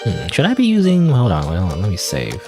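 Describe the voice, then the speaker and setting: A man with a naturally deep voice rambling self-deprecatingly through casual gaming commentary. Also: huge pitch swings, brisk, over music. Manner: rambling, self-deprecating, lots of fillers and laughs. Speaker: gaming streamer. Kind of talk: casual let's-play commentary.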